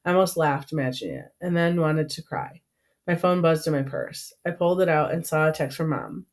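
A woman's voice: low-pitched, brisk. A woman narrating an audiobook in first person with an earnest, emotional delivery.

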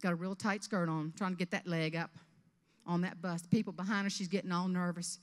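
A woman in her fifties from South Carolina with a Southern US accent, giving a humorous keynote speech on stage with animated storytelling. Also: fairly low pitch, fairly quick, big-room sound. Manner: animated storytelling with character voices. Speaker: motivational speaker. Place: event stage before an audience.

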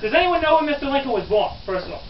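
A man's voice: very high-pitched, big pitch swings, very fast. A man in character as a lecturing 1860s newspaperman, talking theatrically to a crowd of visitors. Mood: mocking, theatrical. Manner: theatrical, scornful, calls listeners "friends". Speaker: living history interpreter. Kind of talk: in-character living history talk to visitors. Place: outdoor historic park program. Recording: distant, roomy, dull camera audio.

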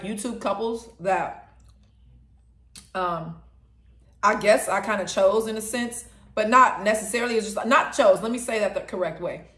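With a lowish, fairly bright voice, a young woman vlogger keeps up casual chatter during a mukbang review. She hums while tasting and talks between bites, all captured with a roomy echo.

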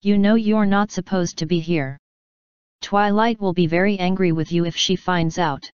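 A woman voicing a gentle, shy young female pegasus with a whispery voice in a storybook reading. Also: on the low side, steady tone, moderate pace, clear, resonant tone, no echo, dull audio, close to an everyday voice. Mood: timid.

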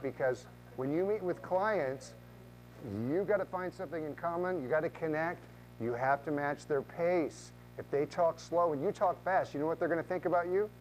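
A man teaching a room of real estate agents in a training talk, lively and acting out quoted voices, often repeating words as he goes. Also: on the high side, slight background noise, low-quality recording.

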